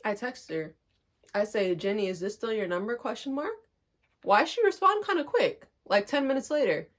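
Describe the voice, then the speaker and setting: A young woman vlogger telling a story in a casual storytime style, animated and acting out the people in her story. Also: medium pitch, moderate pace.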